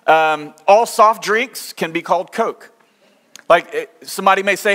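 A man's voice: fairly high pitch, fairly quick, sharp tone. Southern man, pastor, jokey sermon opening, long church reverb. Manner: folksy, jokey, asks the congregation questions. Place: church sanctuary. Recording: echoey church hall.

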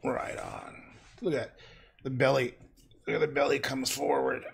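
A man's voice: mid-range voice, little pitch movement, moderate pace, vocal fry. A man chatting casually on a livestream while he paints, often muttering and half-whispering asides to himself, from his home studio.

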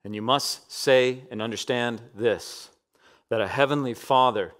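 A man in his thirties preaching a sermon as pastor, impassioned, swinging between loud emphatic lines and soft, hushed asides. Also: medium pitch, measured pace.

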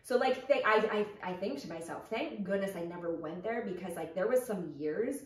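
Woman, forties, podcast co-host, animated, laughs easily, roomy echo, slightly distant from mic. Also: medium pitch, normal speed. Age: 40s. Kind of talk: casual chat.

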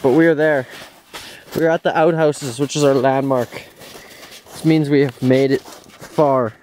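A man's voice: medium pitch, fairly even intonation, a little slow, darkish tone, poor audio. A young man chatting casually while vlogging a snowy forest hike on a handheld camera. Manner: laid-back, jokey. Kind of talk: casual vlog chat. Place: snowy forest trail outdoors. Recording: faint outdoor noise.

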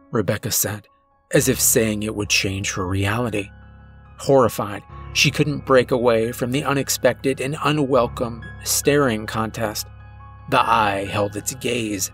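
A man narrating a horror story in a slow, deliberate, suspenseful way. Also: lowish voice, steady tone, a bit bright. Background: faint background music.

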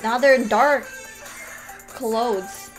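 A young woman reacting to a video in casual, animated commentary, often exclaiming and laughing. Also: a little high, very slow. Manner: animated, exclaiming and laughing at what she watches. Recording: music playing behind her voice. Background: faint music.

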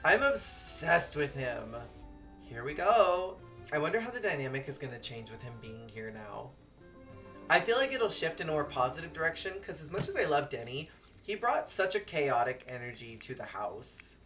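Wildly animated, bright-voiced game streamer. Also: mid-range voice, normal speed. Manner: animated, joking, prone to squeals and laughter. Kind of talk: let's-play commentary. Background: faint game music.

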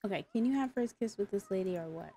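A woman's voice: medium pitch, expressive, fast, dark tone, faint music behind. A woman giving casual gameplay commentary, exasperated and talking back to the characters on screen. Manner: exasperated, talks to the game characters. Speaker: gaming YouTuber.

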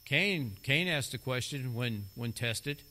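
Forceful, emphatic male preacher. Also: mid-range voice, expressive, takes it slowly, a little hiss or hum. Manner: emphatic, repeats key phrases for stress. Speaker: lay preacher. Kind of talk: sermon.

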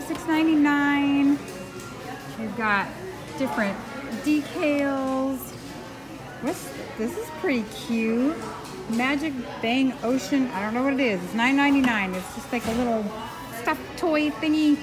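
A woman's voice: high voice, a little slow, music in the background. A woman filming a casual travel vlog outdoors at a theme park, chatty and bubbly, cooing at the animals she passes. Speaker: travel vlogger. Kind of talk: casual vlog walk-through.

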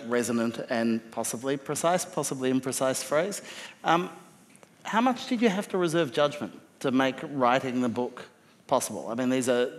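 A man moderating a writers' panel, putting careful, hedged questions to a guest. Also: mid-range voice.

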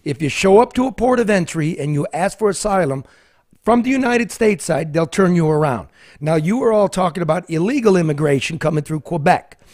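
A male talk show host with a high voice delivers opinions in a brash, sarcastic way. He plays up his points with theatrical asides. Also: expressive, a little fast, a little mellow.

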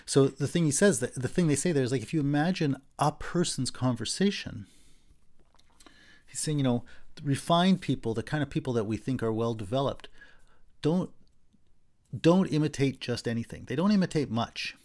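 A man's voice: mid-range voice, animated, normal speed, a little mellow. A man lecturing on philosophy in a conversational way, restarting sentences and acting out examples. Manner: conversational, with frequent restarts and fillers; acts out example voices animatedly. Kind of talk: recorded university lecture.

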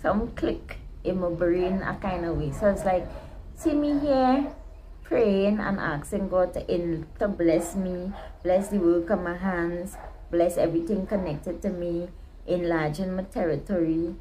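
Low-voiced woman venting. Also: unhurried, dark tone, a little hiss or hum, low-quality recording. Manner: venting, earnest, faith-filled retelling. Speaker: vlogger. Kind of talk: casual personal storytelling. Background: neighborhood dogs barking.

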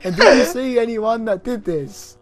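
A man's voice: very high voice, animated, normal speed, faint music behind. A young man teasing his friend, laughing and swearing while they play a game together. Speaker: gamer co-host. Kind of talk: casual gaming banter.

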